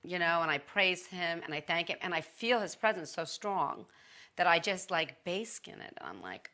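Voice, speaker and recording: A middle-aged woman chatting as an interview guest, lively and full of restarts. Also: fairly low pitch, moderate pace. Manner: chatty, animated, with many restarts. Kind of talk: casual testimony.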